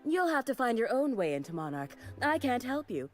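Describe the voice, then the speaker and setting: Game fashion designer, flamboyant, theatrical, doting, animated pitch. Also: female voice, fairly quick, soft background music. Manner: grandiose, theatrical, showering people with endearments. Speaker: game character.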